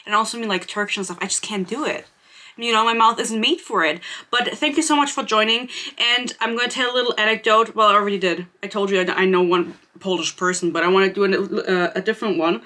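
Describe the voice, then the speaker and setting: A woman's voice: medium pitch, quick pace, pushed and bright. A young woman from Germany with a German accent, rambling casually to her viewers as the host of her book channel. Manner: rambling, self-interrupting, chatty. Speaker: booktube host. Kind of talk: casual chat to camera.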